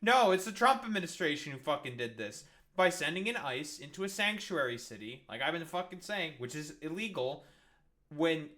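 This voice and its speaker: A man's voice: high-pitched, bright, forceful tone. A man giving heated, profane and sarcastic reaction commentary on news clips. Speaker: political commentary streamer.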